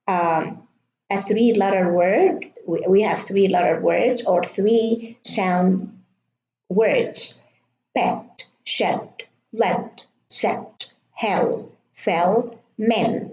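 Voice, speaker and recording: Woman teacher, very slow, deliberate word-by-word pronunciation drill; roomy, dull lo-fi recording. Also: mid-range voice, dark tone. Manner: reads out word lists slowly and deliberately, with fillers. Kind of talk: slow classroom-style pronunciation lesson.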